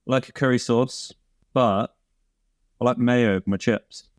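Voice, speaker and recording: A man's voice: mid-range voice, steady tone, unhurried, dry recording. A man as a podcast guest in casual chat, laid-back and matter-of-fact with dry humour. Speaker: podcast guest, band member.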